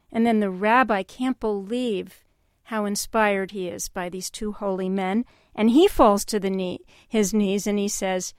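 A woman hosting a call-in radio show, speaking in a calm and reflective way and telling stories. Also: medium pitch, measured pace, no echo, clean studio sound.

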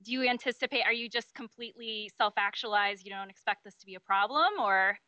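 A woman's voice: medium pitch, fairly quick, bright, forceful tone, no room sound, poor audio. A woman calling in over a webcast link to ask a question, hesitant and full of fillers. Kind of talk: asking a question on a live call.

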